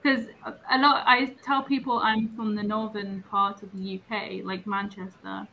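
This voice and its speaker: A woman's voice: medium pitch, level tone, normal speed, vocal fry, pushed and bright, a little hiss or hum, poor audio. A young woman from northern England with a neutral English accent, chatting casually as an English tutor on a video call and laughing often.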